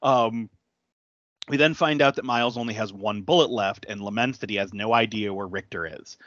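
Animated man recapping a movie. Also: normal speed, muffled recording. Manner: animated retelling, jumps up in pitch for quoted characters, laughs often. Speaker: podcast co-host.

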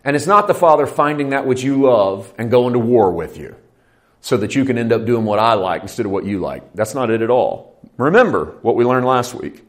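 A man's voice: mid-range voice, animated, fairly quick. Conversational male pastor preaching. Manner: conversational teaching with sudden lifts into preacher fervor. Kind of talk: sermon.

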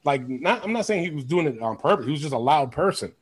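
A man hosting a podcast, telling stories in an animated, casual way, laughing often and swearing. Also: a little high, fast talker, husky. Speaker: podcast host. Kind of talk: casual chat.

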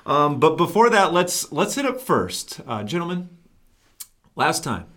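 A man's voice: fairly high pitch, very animated, measured pace, fairly bright tone. A man co-hosting a nerd podcast, setting scenes in a playful, theatrical way. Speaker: podcast co-host. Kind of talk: casual chat.

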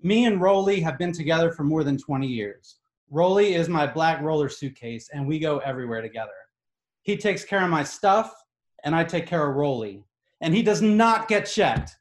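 A man telling a comic personal story on stage in an animated, exasperated, emphatic way. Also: a little high, moderate pace. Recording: echoey room.

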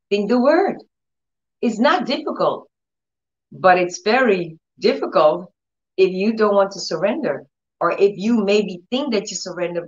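A woman teaching her church audience about healing, giving an earnest, repetitive testimony with soft laughs. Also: mid-range voice. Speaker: Bible teacher and church leader. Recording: distant, dull-sounding mic.

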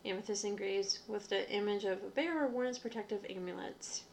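A woman's voice: mid-range voice, brisk, gravelly, a little hiss or hum. A young adult woman, hosting a witchcraft show, reads entries aloud from reference books in a casual way, stumbling now and then and adding asides. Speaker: witchcraft podcaster.

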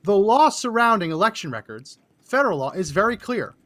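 A man's voice: high voice, sing-song, brisk, pushed and bright. Easygoing male co-host reading an ad. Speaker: podcast co-host. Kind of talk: ad read and casual talk.

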